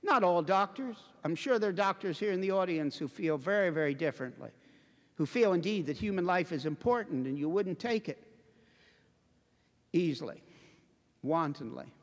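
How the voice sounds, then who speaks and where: A man preaching a sermon to a congregation in an impassioned, emphatic way, building to forceful declamation. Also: sits high, lively intonation, moderate pace. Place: church before a congregation. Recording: long reverberant hall.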